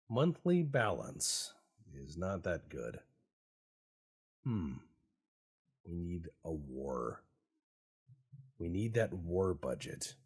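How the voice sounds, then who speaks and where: A man's voice: sits low, darkish tone, slightly rough. A man giving wry, meandering, sarcastic commentary while playing a strategy game. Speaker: gaming YouTuber. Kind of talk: casual gameplay commentary.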